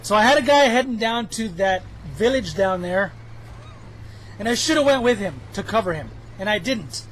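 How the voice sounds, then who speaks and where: A man's voice: high voice, lively intonation, normal speed, fairly bright tone, a little hiss or hum, low-quality recording. A man giving chatty, self-mocking commentary over his own gameplay footage, joking as he goes. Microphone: headphones with mic.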